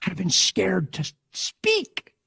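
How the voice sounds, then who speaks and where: A middle-aged man preaching a sermon, telling a story with dramatic swings from hushed tones to loud outbursts. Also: sits high, huge pitch swings, takes it slowly, vocal fry, breathy edge.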